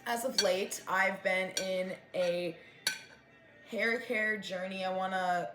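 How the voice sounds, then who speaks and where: A woman's voice: mid-range voice, steady tone, takes it slowly, reverberant, background noise. A woman in her twenties telling a storytime rant, with lots of "like" and "whatever", while she eats. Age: 20s. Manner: chatty, fillers of like and whatever; eating while talking. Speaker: vlogger.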